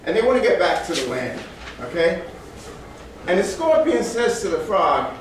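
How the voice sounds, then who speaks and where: Animated male motivational speaker, echoey room. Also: high-pitched, moderate pace, recorded from a distance, slight background noise. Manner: animated storyteller, acts out animals with big voices. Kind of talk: motivational talk to a live group. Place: room with a small audience.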